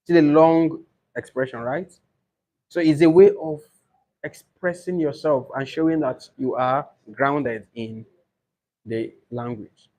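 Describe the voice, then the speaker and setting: A man teaching exam preparation for English speaking tests, explaining slowly and repeating model answers aloud. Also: on the high side, dark tone, dull audio. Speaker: IELTS tutor.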